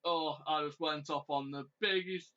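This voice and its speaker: Guy with a high voice ranting through a road story, swears a lot, dull lo-fi sound. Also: fairly even intonation, normal speed, pushed and bright, clean tone. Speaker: podcast co-host. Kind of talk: casual storytelling chat. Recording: dull lo-fi audio.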